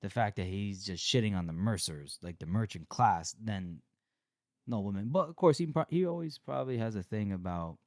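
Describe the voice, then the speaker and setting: A man co-hosting a casual book-discussion podcast, talking in an animated way with laughing asides. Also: lowish voice, normal speed, no echo, clean studio sound. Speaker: podcast co-host.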